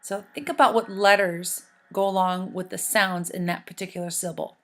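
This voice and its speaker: Slow, clear woman teaching a lesson. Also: on the low side, fairly even intonation, fairly bright tone, soft background music. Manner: slow, clear and deliberate, spelling out sounds. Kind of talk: recorded classroom lesson. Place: recorded lesson video.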